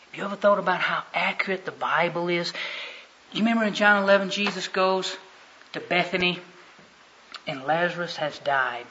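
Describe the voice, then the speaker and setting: A male preacher with a high, bright and forceful voice delivers a sermon. He swings dramatically between hushed, low passages and loud bursts. The recording sounds dull and lo-fi. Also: moderate pace, a little hiss or hum.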